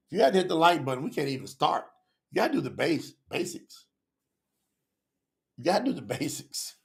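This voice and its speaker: Gravelly, fired-up man hosting a livestream. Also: fairly high pitch, normal speed, long pauses. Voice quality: passionate and excitable, calls out viewers by name. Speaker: livestream host. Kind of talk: lively livestream talk to chat viewers.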